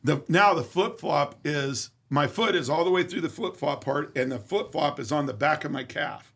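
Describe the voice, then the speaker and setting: A man with a gravelly, fry-laced voice and a somewhat high pitch tells a story in an interview. He is vivid and profane, and he acts out every exchange of dialogue. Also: normal speed, a bit bright. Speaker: interview guest. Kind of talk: casual storytelling.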